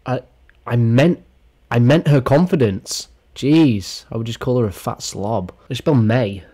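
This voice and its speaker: A man's voice: medium pitch, measured pace, mellow, husky. Young man, sarcastic, crude, mock-dramatic, comedic gossip rant, mid-range voice. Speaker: YouTube commentator.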